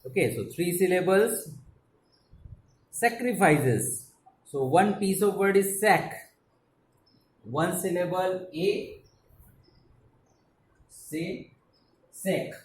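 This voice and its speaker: A man's voice: high voice, slow pace, pauses often. A man with an Indian English accent teaching an online English class, explaining step by step and often saying "okay". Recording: echoey room, faint background noise.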